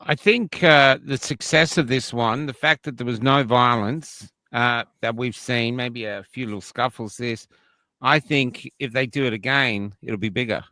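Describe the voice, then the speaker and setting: A man's voice: medium pitch, a little slow, pushed and bright, dry recording. An Australian man hosting a casual online panel chat, opinionated and rambling with frequent restarts. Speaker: livestream host.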